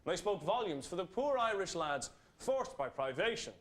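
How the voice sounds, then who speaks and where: A man's voice: high voice, very animated, normal speed. A man with a slightly raised voice delivers dry, rueful asides in a stage revue.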